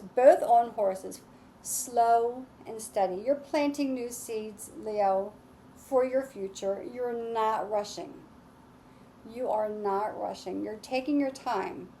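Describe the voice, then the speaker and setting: Woman, tarot reader, mellow tone, slightly high voice, eager and repetitive, faint noise behind. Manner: enthusiastic, repetitive, affirming. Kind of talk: casual tarot reading. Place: home with lawnmowers outside.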